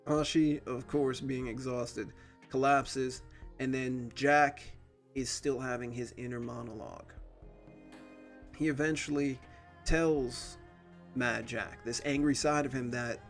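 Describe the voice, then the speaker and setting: A man's voice: mid-range voice, steady tone, slow pace, faint music behind. A man hosting a reaction video, casually retelling a cartoon episode with lots of fillers.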